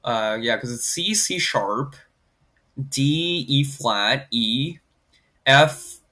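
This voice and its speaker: A man's voice: medium pitch, expressive, drawn-out words, sharp tone. A man chatting casually on a livestream, rambling with many filler words and reading comments aloud. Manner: rambling, heavy on "like" fillers, reads chat aloud. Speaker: streamer graphing in Desmos.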